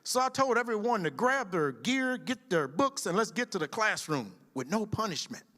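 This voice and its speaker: A middle-aged man, a sheriff telling stories from his career as testimony in a church, acting out shouted lines. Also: high voice, big pitch swings, moderate pace, big-room sound. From Mississippi. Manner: storytelling, dramatic shouted quotes. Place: church sanctuary.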